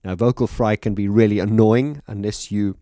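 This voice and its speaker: A man's voice: lowish voice, steady tone, normal speed, dry recording, studio quality. A man analysing a song as a music teacher, talking thoughtfully and with enthusiasm. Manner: thoughtful, warm enthusiasm, sings short demonstration phrases.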